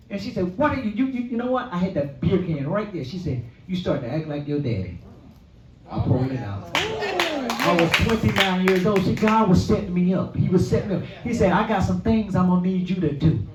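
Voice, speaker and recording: A man in his forties, a guest speaker at a luncheon, shares his personal testimony in a high-pitched, slightly fast voice, his preacher-like storytelling swelling into exclamations. Heard from far off in an echoey event hall, the sound is dull with a little hiss or hum.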